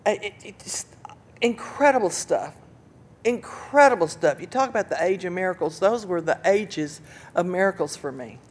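A woman's voice: lowish voice, lively intonation, moderate pace, slightly rough. Older woman telling her life story. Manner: earnest storytelling, bursts of laughter and loud acted quotes. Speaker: speaker sharing recovery story. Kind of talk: personal testimony talk.

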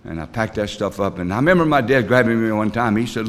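An older man sharing his recovery story before a group, his voice sitting on the low side. He rambles earnestly and confesses plainly, with folksy grammar and a lot of "uh" between thoughts. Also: animated. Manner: rambling, plain-spoken storytelling with frequent pauses. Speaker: speaker at a recovery meeting. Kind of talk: personal testimony talk.

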